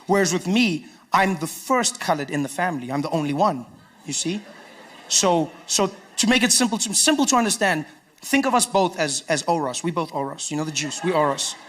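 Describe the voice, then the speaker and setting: A man with a South African accent doing stand-up comedy, telling stories with animated delivery. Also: fairly high pitch, brisk, slight background noise. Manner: animated storytelling, acting out characters.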